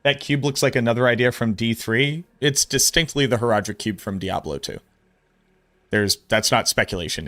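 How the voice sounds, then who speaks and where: Excitable, foul-mouthed male streamer. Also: mid-range voice, normal speed, dry recording. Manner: excitable, blunt, swears freely. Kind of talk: casual live-stream commentary.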